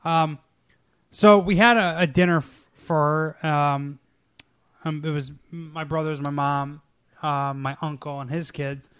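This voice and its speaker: A man's voice: on the high side, fairly even intonation, unhurried, a bit bright, clear, resonant tone. A young man chatting casually with a friend, telling a rambling, profane story and laughing often. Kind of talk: casual chat.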